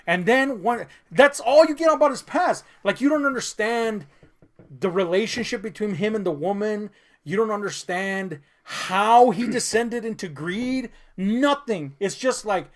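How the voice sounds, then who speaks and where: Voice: mid-range voice, lively intonation, measured pace. A co-host ranting sarcastically about a film in a comedic review chat, swearing often, laughing, and rambling with fillers.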